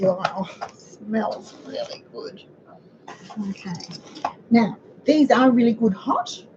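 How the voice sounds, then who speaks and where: A middle-aged woman with a croaky voice, chatting to viewers while she cooks in her home kitchen. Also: mid-range voice. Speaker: cooking show host. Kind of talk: casual cooking demonstration. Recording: dull lo-fi audio with background noise.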